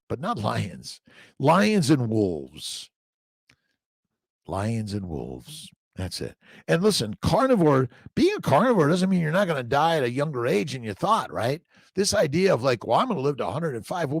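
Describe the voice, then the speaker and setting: A man's voice: a little high, wildly swooping pitch, normal speed, gravelly, husky, no echo. An older man hosting a casual morning livestream, reading out viewer comments and talking in rambling bursts with emphatic repeats. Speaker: livestream host.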